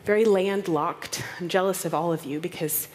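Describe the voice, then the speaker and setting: An American woman from Oklahoma speaks at a conference with a slightly low voice. She tells stories in an animated, playful way and acts out the voices of the people she quotes. The sound rings with the long reverb of a large hall. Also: moderate pace. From Oklahoma, United States. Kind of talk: conference talk.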